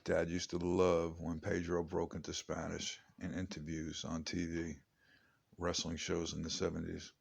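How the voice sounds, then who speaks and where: Gravelly late-fifties man, rambling memoir. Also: low voice, completely flat delivery, a little slow. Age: 50s. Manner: chatty, digressive, wry asides. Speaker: author reading his memoir. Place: home.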